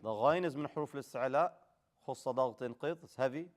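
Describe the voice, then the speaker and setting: A man with a slightly high voice talks very fast while teaching a live tajweed class on Quran recitation. He gives casual, direct corrections and models the Arabic sounds for his students.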